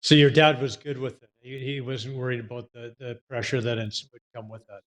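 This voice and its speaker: A man's voice: medium pitch, level tone, a little fast. Conversational male sports interview host. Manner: conversational, leading questions with fillers. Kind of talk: interview questions.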